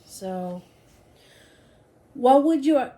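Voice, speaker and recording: A woman with a warm, mellow voice chats at home with her husband. She reads out question-game prompts in a relaxed way and keeps her own answers brief and reserved. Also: sits high, drawn-out words. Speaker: wife in a couple channel. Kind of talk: casual chat, asking question-game prompts.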